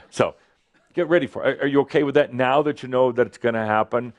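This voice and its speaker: Man giving an animated spiritual talk. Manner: animated, acts out panicked inner voices with shouted high pitch; soft and slow in calm passages. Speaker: channeled teacher addressing an audience. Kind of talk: spiritual talk to a live audience.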